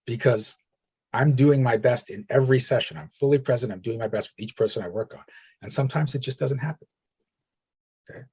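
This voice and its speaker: Man coaching in a husky voice. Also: medium pitch, brisk, warm tone, muffled recording. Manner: direct, reassuring, retells stories with quoted voices. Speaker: energy healing coach. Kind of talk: coaching session.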